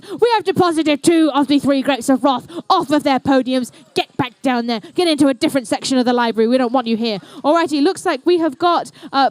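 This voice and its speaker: A woman with a New Zealand accent and a high voice is doing live commentary at an indoor robotics competition, with no room sound on the recording. As event commentator and emcee, she's playful and chatty, tossing jokey asides to the teams and crowd.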